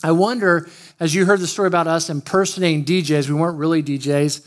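A man preaches in a light, high voice. He opens with a casual, joking personal story and keeps talking straight to the people in front of him. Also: fairly even intonation, fast talker. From Oklahoma, USA. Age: 50s. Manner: chatty, joking, talks straight to the room. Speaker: pastor. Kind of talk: storytelling sermon.

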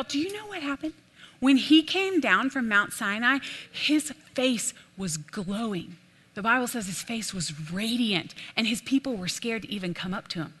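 A young adult woman preaching an animated, folksy sermon in a church, addressing the room as "y'all". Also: a little high. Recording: long hall reverb.

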